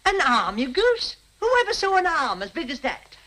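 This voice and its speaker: A woman's voice: sits high, very animated, moderate pace, bright, forceful tone, full character voice. A woman voicing the White Rabbit, a fussy, bossy male master who barks orders. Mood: scolding. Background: background music.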